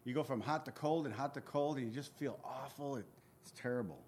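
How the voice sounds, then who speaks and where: Fairly quick and mid-range, his voice is a little mellow and husky. Working through a book of the Bible, he reads scripture with earnest feeling, dramatizes its pleas, and breaks off to speak conversationally with his listeners.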